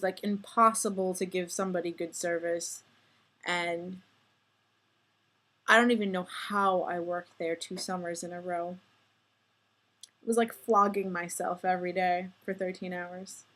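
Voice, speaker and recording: A woman in her twenties talking casually to her viewers in a rambling, self-deprecating vlog monologue. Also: mid-range voice. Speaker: vlogger.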